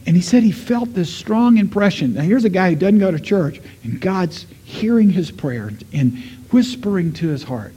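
A middle-aged man preaching a sermon, telling a story and voicing the people in it, swinging from loud to hushed. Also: high voice, animated, moderate pace, slightly rough. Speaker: pastor.

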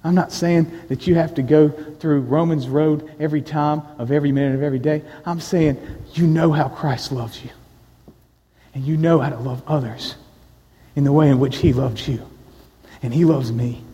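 A man preaching a sermon, telling a personal story in an earnest way with pauses. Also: a little high, fairly even intonation, warm tone. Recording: long echo of a large hall.

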